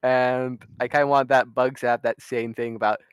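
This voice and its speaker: A man's voice: medium pitch, level tone, moderate pace, smooth, dry recording. A man playing in a tabletop game, joking and rambling as he explains his ideas. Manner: playful, jokey, rambling. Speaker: player. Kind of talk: casual chat at a tabletop game.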